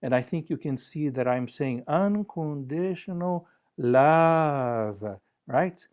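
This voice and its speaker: A man giving a relaxed conference talk over a video call, joking playfully and gently guiding listeners through exercises. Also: on the high side, slow pace, clean tone, dull audio. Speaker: conference speaker.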